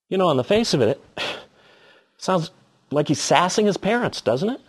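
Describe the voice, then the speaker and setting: A middle-aged man preaching a sermon, telling stories with animated, acted-out moments. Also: medium pitch, normal speed, husky. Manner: animated storytelling with acted quotes.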